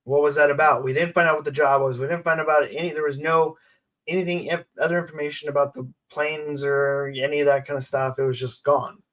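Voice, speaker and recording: A man's voice: on the high side, little pitch movement, fairly bright tone. Rambling man chatting casually. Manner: rambling, many "like"s, quick asides. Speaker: podcast co-host. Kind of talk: casual film discussion.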